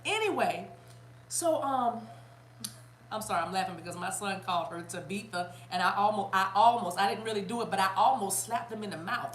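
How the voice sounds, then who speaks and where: A woman with a fairly high voice gives a lively, chatty spiritual reading. She talks to her viewers with plenty of energy. Her voice rings in a roomy space over a faint hum. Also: quick pace. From South Carolina, US. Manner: animated, chatty, bursts into laughter and song. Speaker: spiritual reader. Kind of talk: casual spiritual reading to camera.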